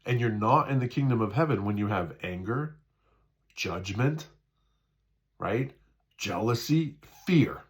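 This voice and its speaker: A low-pitched man gives a casual spiritual talk. His voice swings widely in pitch as he restarts phrases and checks in with "right?". He acts out quoted inner voices as he goes. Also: expressive, measured pace, long pauses. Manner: conversational, repeats himself, often asks "right?". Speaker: spiritual speaker.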